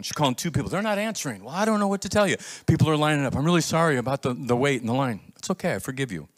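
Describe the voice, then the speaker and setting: A man pastor preaching a sermon, telling a story with acted-out quotes and building to emphatic, near-shouted points. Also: medium pitch. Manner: animated storytelling, acts out quoted voices.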